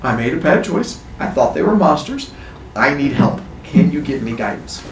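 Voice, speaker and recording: A man's voice: a little high, very animated, moderate pace, recorded from a distance, a little hiss or hum. A man voicing a bewildered, cheerful young male hero in a goofy, matter-of-fact way. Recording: roomy echo.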